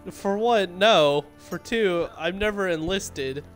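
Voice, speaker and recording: A man's voice: high-pitched, slow, a bit bright, faint music behind. A young man streaming a game, chatting casually with friends and protesting when they tease him. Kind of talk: casual gaming chat.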